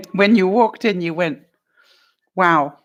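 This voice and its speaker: A woman's voice: fairly low pitch, measured pace. Chatty laughing woman vlogger. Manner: chatty, laughs often, addresses viewers by name. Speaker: vlogger answering live chat. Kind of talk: casual live-stream chat. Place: home.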